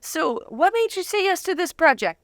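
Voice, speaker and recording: A woman's voice: very high voice, sing-song, normal speed, studio quality. A woman hosting a talk show interview, bubbly and laughing a lot, echoing back her guest's words. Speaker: host.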